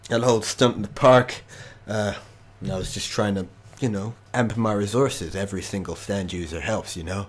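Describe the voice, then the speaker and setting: A man's voice: on the low side, fairly even intonation, moderate pace, few pauses, close to an everyday voice. A man voicing a greedy, scheming male crime boss who swears and rants about lost money. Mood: bitter. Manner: angry then pleading, swearing.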